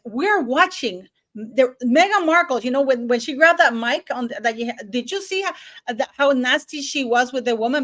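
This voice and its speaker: A woman with a high, bright-sounding voice hosts a casual live-stream chat. She talks in an animated, excited rush. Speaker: channel host.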